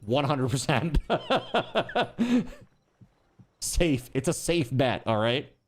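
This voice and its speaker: A man's voice: medium pitch, sing-song, drawn-out words. A man streaming live, chatting casually, rambling and joking, with swearing.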